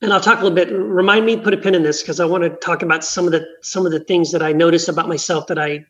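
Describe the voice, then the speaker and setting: A man's voice: a little high, steady tone, fast, lo-fi sound. A man who leads small church gatherings, telling a story in an earnest, conversational way.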